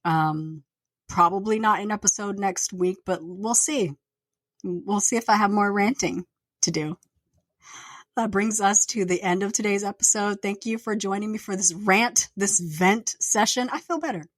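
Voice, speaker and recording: A woman's voice: medium pitch, steady tone, measured pace, no room sound, studio quality. A woman hosting her own podcast, talking casually and candidly, rambling and venting with plenty of fillers. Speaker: podcast host and author. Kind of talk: casual solo podcast rant. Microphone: plugged-in podcast microphone.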